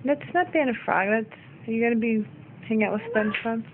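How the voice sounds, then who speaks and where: A woman's voice: on the high side, brisk. A woman at home coaxing a small child in a playful voice, filmed on a phone. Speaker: parent filming a toddler. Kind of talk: casual home video. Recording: tinny phone recording with clear background noise.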